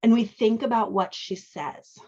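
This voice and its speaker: A woman's voice: fairly high pitch, fairly even intonation, measured pace, mellow, highs cut off. A woman hosting a show, casually teaching dialogue as she edits a manuscript and often asking "right?" as she thinks aloud. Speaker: host and dialogue editor. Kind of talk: casual teaching chat while editing a manuscript.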